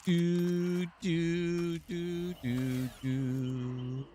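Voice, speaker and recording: A man's voice: fairly high pitch, flat delivery, very slow, mellow, a little hiss or hum. A man streaming a game live, rambling and joking to his chat with frequent laughs. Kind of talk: live gameplay commentary.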